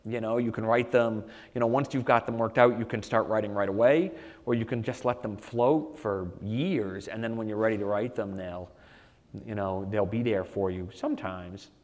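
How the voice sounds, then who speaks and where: A man, an author being interviewed, telling animated anecdotes with lots of "you know" fillers. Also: on the low side, moderate pace, big-room sound. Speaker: author guest. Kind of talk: conversational storytelling.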